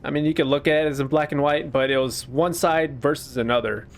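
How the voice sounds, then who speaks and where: A man's voice: fairly high pitch, steady tone, brisk, creaky. A man casually commentating a video game playthrough, musing and joking at himself. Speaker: gaming YouTuber. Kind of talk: let's play commentary.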